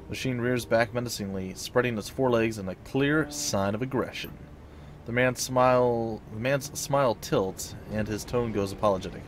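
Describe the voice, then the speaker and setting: A man hosting a let's play, reading the game's narration aloud in a voice of ordinary middle pitch. He slips in casual asides and small stumbles between the lines of text. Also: normal speed, slight background noise.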